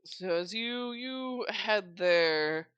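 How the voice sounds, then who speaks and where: Slow, halting woman game master. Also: mid-range voice, animated, a bit bright, clean tone, dry recording, highs cut off. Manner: slow, halting narration with many fillers. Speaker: dungeon master. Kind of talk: narrating a tabletop game.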